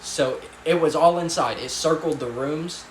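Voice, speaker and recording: A man's voice: a little high, unhurried. A man casually telling a story about his past, rambling with lots of fillers, swearing and laughing as he goes. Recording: echoey room with faint ambient noise.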